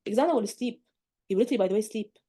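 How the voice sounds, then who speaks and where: A woman's voice: medium pitch, rapid-fire, dark tone, slightly rough. A woman tutor giving a live lecture to exam candidates, emphatic and direct, often checking in with the class. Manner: coaching, direct.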